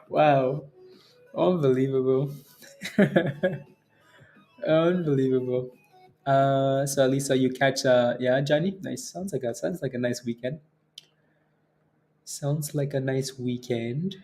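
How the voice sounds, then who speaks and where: A man hosting a day-trading livestream, chatting casually with viewers between market remarks, relaxed, with frequent fillers and chuckles. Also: mid-range voice, slow, long pauses, soft background music. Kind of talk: casual livestream chat reading viewer comments.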